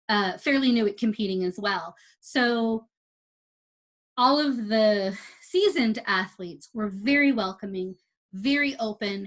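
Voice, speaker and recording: A woman telling a lively, casual story about competing for the first time as an amateur athlete. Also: mid-range voice. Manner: chatty, animated retelling with quoted dialogue.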